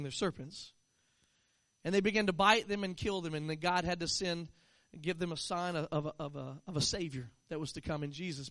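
A man preaching a sermon in an animated way, sometimes rising into shouts. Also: sits high, dry recording.

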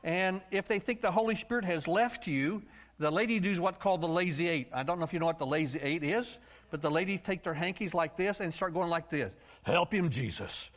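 A man preaching a sermon, telling stories in a folksy, animated way. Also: brisk. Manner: storytelling, folksy and animated, acts out shouting congregants. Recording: muffled low-fidelity sound.

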